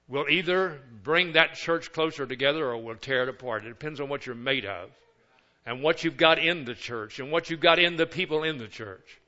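A man's voice: on the high side, sharp tone, muffled recording. An older man, a pastor of many years, preaching a sermon with folksy, joking asides.

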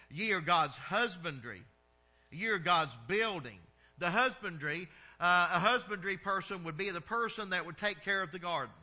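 High, bright-voiced Southern pastor preaching. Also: male voice, animated, muffled recording. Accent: Southern American. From American South. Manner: folksy preaching, drawn-out vowels, chuckles at his own stories. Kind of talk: sermon.

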